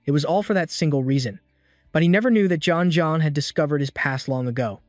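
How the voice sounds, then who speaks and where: A man narrating a scripted story recap with a steady storytelling delivery. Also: on the high side, fairly quick, no room sound, clean studio sound, soft background music.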